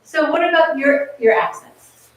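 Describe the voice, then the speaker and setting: Woman coaching string players, sings the rhythms as da da da, bit high voice, roomy and far from the mic. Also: a little slow, lo-fi sound, a little hiss or hum. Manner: sings rhythms on nonsense syllables while coaching; encouraging, chatty, laughs often. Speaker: chamber music coach. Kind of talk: masterclass coaching. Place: rehearsal room in a community center. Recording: echoey room, miked from a distance.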